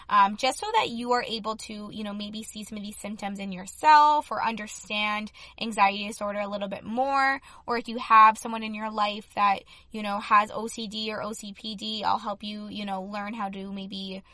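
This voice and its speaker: A young adult woman hosting a podcast in chatty, upbeat talk, her voice slightly hoarse. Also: fairly high pitch, bright, forceful tone, no echo. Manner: chatty and upbeat, many fillers. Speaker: podcast host. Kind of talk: casual solo podcast talk.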